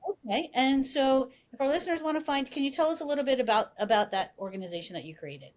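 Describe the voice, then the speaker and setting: A woman's voice: high-pitched, expressive, fast talker. Affirming woman podcast host. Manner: affirming, asks follow-up questions. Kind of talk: podcast interview.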